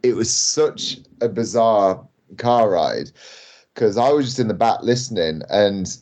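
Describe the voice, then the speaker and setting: A man's voice: fairly low pitch, animated, measured pace, darkish tone. A young man, a wrestler, telling a story on a podcast in a rambling way, full of fillers and laughs. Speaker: guest wrestler. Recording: dull lo-fi audio.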